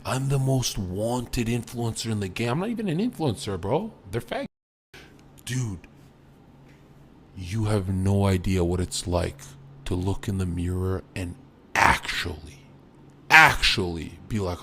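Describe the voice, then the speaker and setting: A young man with a low, gravelly voice runs a boastful, profane live stream rant. He swings from loud outbursts down to low mutters. A faint hiss sits underneath. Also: sing-song, measured pace. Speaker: livestreamer.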